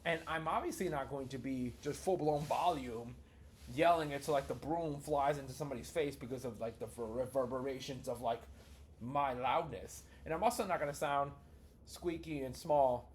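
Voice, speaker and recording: A man's voice: a little high, a little hiss or hum. A man talking casually and with many fillers as he teaches public speaking in a video lesson. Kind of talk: teaching video on vocal delivery.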